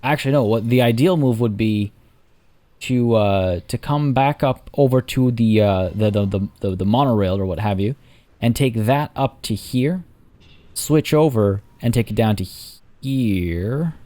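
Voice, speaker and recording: A man casually commenting as he plays a zoo-building game, rambling and chatty, often restarting sentences and filling pauses. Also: mid-range voice, dark tone. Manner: rambling, chatty, self-correcting with fillers. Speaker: let's play host.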